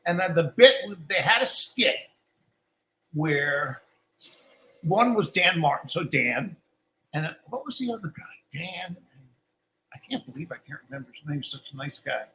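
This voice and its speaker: A man's voice: a little high, lively intonation, a little slow, long pauses, bright, forceful tone, rough recording. An older man, a guest musician, telling rambling stories in a casual live Q&A. He restarts his sentences often and acts out quoted lines.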